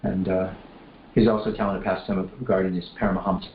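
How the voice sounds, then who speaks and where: A man's voice: deep voice, flat delivery, quick pace. A man telling devotional stories at a class in a loose, rambling way, full of fillers and restarts. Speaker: speaker at a temple class. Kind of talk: casual storytelling class. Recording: roomy echo, dull lo-fi, faint room noise.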